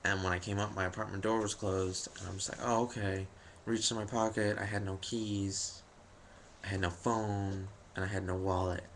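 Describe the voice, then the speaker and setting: A young vlogger tells the camera about his day, joking around, rambling, and filling space with fillers and self-deprecating asides. His voice is deep and fairly bright with little pitch movement, at a normal speed, over a slight hiss or hum.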